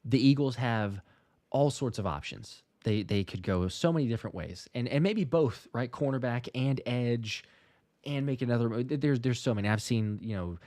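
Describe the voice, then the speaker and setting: A man's voice: mid-range voice, animated, moderate pace, darkish tone, dry recording. Chatty man hosting a live Q&A. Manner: loose and chatty, lots of fillers and restarts. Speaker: podcast host reading live questions. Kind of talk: casual live Q&A chat.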